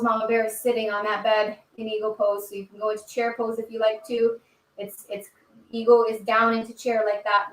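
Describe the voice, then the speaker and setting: A woman with a fairly high, slightly bright voice sits far from the mic, with a little background noise. She cheerfully reads a children's story aloud and encourages kids through yoga poses, recorded indoors on a camera mic in an echoey room.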